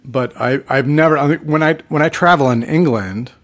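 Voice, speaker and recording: A man's voice: mid-range voice, a little fast. A middle-aged man, sleepy and fading late at night, rambling and trailing off in casual chat as a podcast co-host. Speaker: podcast co-host, touring musician.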